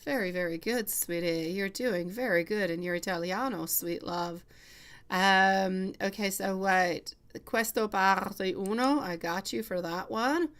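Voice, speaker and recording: A woman's voice: mid-range voice, a little slow, a bit bright. A woman giving a live tarot reading, chatty and affectionate, calling viewers sweetie and love between giggles. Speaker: tarot reader.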